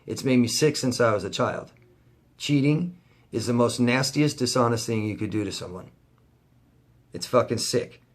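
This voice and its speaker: A man's voice: fairly low pitch, fairly bright tone, husky. Male coach, vlog rant to camera: blunt, profane, heated, repeats himself for emphasis. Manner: blunt, heavy swearing, heated and repetitive. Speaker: life coach.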